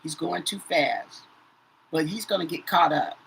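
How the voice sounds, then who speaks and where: A woman's voice: sits low, a little slow, vocal fry, husky, poor audio. Chatty woman reading tarot cards. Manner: says "okay?" after nearly every phrase, repeats herself. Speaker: tarot reader. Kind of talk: casual tarot reading to viewers.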